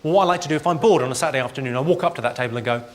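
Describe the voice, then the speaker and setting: A man performing a stand-up comedy set in deadpan one-liners, with clipped delivery. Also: medium pitch, rapid-fire. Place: large venue with live audience. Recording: live show with loud crowd laughter and noise.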